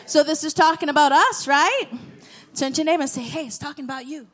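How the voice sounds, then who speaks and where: A woman's voice: high voice, fast talker, a bit bright. A woman preaching a sermon, reading scripture aloud and calling on the congregation to repeat after her. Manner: call-and-response with congregation, reads scripture aloud.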